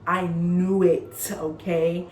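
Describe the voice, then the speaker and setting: A woman's voice: lowish voice, little pitch movement, drawn-out words, noisy background. A young woman telling a personal story in a candid, chatty way, acting out what others said. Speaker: vlogger. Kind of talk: casual storytime. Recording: echoey room with faint ambience.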